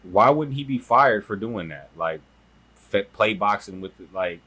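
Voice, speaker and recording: A man's voice: on the low side, expressive, measured pace, pushed and bright, slightly rough. A man hosting a reaction video, giving blunt, profane casual commentary and laughing at the footage.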